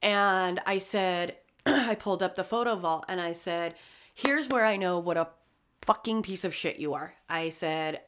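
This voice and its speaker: A woman swapping stories in casual chat, cursing freely. Her voice sits slightly low, and she jumps into lively impressions of other people mid-story. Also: unhurried, background noise. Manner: profane, animated storytelling with acted-out quotes.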